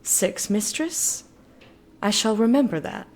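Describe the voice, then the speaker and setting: A woman's voice: medium pitch, expressive, slow pace, darkish tone. A woman voicing a polite, deferential male robot servant who speaks formally. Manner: formal, always says mistress.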